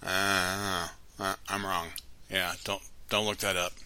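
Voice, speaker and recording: A man's voice: low-pitched, flat delivery, slow, bright, forceful tone, slight background noise, rough recording. A man hosting a music show, introducing songs with wry, sarcastic asides in a casual scripted way. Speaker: radio show host.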